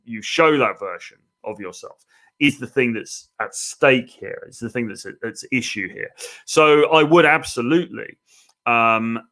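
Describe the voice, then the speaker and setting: A man's voice: medium pitch, pushed and bright. An English man giving dating advice in a casual, chatty live stream, with lots of fillers. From England. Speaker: dating coach. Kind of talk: live-stream coaching talk.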